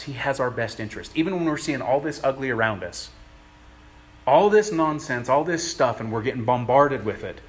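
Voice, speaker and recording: A man giving a conversational sermon, earnest and plain-spoken, pausing often as he works through his thoughts. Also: mid-range voice, a little hiss or hum. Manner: earnest, plain-spoken, halting with many pauses. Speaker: preacher.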